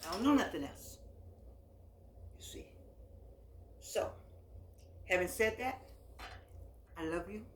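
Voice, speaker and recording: A woman's voice: mid-range voice, expressive, slow, long pauses, slight background noise. Emphatic woman in her eighties, echoey room. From United States. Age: 80s. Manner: emphatic, repeats phrases, folksy and preacherly. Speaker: host. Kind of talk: impassioned address to camera. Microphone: phone.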